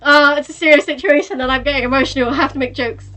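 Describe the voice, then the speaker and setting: A woman's voice: high-pitched, fairly even intonation, quick pace, bright, forceful tone. A woman hosting a let's play, making flustered joking asides. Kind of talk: casual game commentary.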